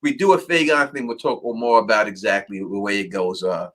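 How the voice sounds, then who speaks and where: A man's voice: on the low side, steady tone, fairly quick, a bit bright. An American man hosting a casual livestream chat, laughing and swearing easily as he reads viewer messages. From United States. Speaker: podcast host.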